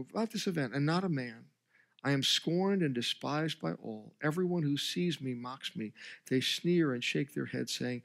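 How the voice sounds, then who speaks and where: A man preaching from the pulpit, his voice sitting a little high for a man. He tells a story with swelling emphasis and briefly takes on the characters' voices as he goes. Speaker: pastor. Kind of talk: sermon.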